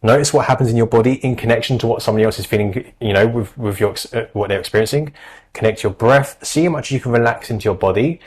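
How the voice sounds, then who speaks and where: A man's voice: medium pitch, fast, slight background noise, rough recording. A man, an anxiety specialist, giving earnest, reassuring advice in a podcast conversation, with lots of fillers.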